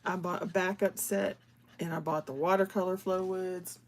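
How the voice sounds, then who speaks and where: A woman's voice: on the low side, steady tone, moderate pace. A woman hosting a live stream, chatting casually with viewers as she colors, laughing often and slipping into whispers while she works. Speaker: livestream host.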